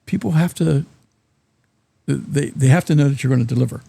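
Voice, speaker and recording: A man with a South Jersey accent, talking as a guest in an interview, often halting and repeating words as he thinks. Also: mid-range voice, gravelly, mellow, breathy edge, no echo. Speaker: guest, city planner. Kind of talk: casual interview talk.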